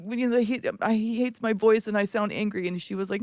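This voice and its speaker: A woman content creator chatting on a live stream, telling stories with big swings in pitch and frequent laughs. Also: quick pace, hardly any pauses, darkish tone, no echo. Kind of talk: casual live-stream chat.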